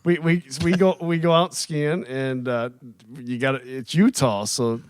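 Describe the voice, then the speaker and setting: A man co-hosting a podcast, telling stories with animated energy and frequent laughs. He is recorded close to the mic in a dry studio with no room echo. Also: medium pitch, a little slow, clear, resonant tone. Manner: animated storyteller who laughs often and acts out quoted voices. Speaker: podcast co-host. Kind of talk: casual chat. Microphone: studio microphone, close.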